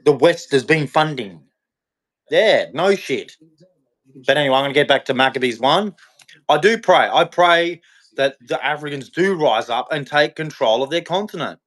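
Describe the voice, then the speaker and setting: The host of this live show is a man whose slightly high, fairly bright voice is expressive and moderately paced. He's in a hot Queensland room, riffing unscripted in a heated, meandering, repetitive way and repeatedly restarting his sentences.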